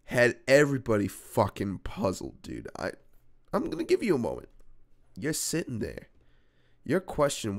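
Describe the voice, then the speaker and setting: A young man tells a personal story in a casual vlog. His delivery is animated and peppered with profanity, and his pitch swings widely as the story builds. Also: normal speed, creaky. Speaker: YouTuber telling a personal story.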